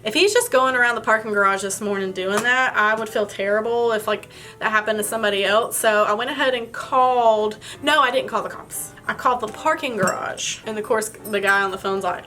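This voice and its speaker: A woman's voice: medium pitch, a little fast, hardly any pauses, pushed and bright, soft background music. A young woman telling a story in a casual vlog while doing her makeup, chatty and full of fillers. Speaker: beauty vlogger.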